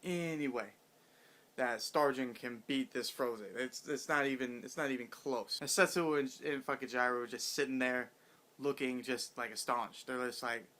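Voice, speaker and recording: A man giving a casual, rambling chapter review, excited and full of profanity and slang. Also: medium pitch, moderate pace.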